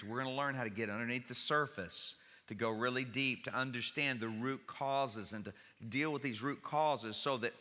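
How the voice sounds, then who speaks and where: A man's voice: on the low side, bright, forceful tone. A man preaching a sermon in church, in a conversational way with wry humor. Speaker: pastor. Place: church sanctuary. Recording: reverberant church hall.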